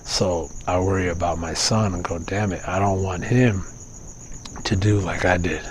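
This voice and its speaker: A young podcast host delivers a casual personal monologue, rambling candidly and profanely about his life, questioning himself and restarting often. His low voice keeps fairly even intonation at a normal speed, with a little hiss or hum in the audio.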